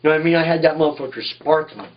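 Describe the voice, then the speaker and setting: A man's voice: fairly high pitch, rapid-fire, far from the mic, lo-fi sound. A man, a tattoo artist, telling shop stories in a rambling, profane way in a casual interview, often saying "you know what I mean".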